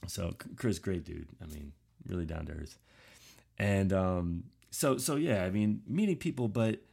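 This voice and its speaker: A man's voice: deep voice, gravelly, a little mellow, husky. A man hosting a podcast, talking through a casual, rambling monologue full of fillers and restarts, self-deprecating. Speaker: podcast host.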